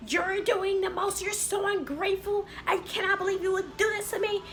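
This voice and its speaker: Woman putting on a shrill, frantic older manager. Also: fairly even intonation, a bit bright. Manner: shrill, hysterical, drawn-out.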